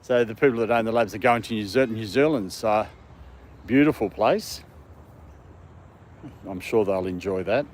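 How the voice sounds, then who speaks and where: A man's voice: on the low side, normal speed, pauses often, darkish tone, a little hiss or hum. An Australian man hosting a casual livestream from a dog park, answering viewer comments and talking to his dog. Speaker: livestream host.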